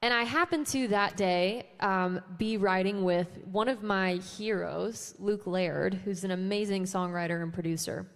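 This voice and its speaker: A woman's voice: medium pitch, unhurried, hardly any pauses, in a large hall. Chatty young woman songwriter on stage. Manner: casual, self-deprecating, laughs often, many "um" and "like". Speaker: singer-songwriter. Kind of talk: chatty storytelling between songs at a live show. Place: church hall with a live audience.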